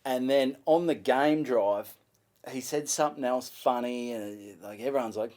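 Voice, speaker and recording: A man's voice: mid-range voice, a little slow. An Australian man, a comedian, telling a story in a casual chat, swearing freely and acting out voices as he goes. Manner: animated, swearing, acts out voices in his stories. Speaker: comedian guest.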